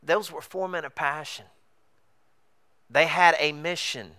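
A man preaching with a bright, ringing voice that cuts through cleanly. He tells the story with animated energy and jumps up and down in pitch as he acts out the characters' lines. His voice sits a bit higher than most men's. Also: a little slow. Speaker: pastor. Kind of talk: sermon.

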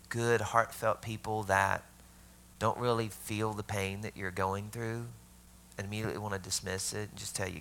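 A man's voice: lowish voice, gravelly, sharp tone. A man preaching a sermon, telling the story conversationally, asking his listeners questions and dropping to a whisper for tender moments. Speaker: pastor.

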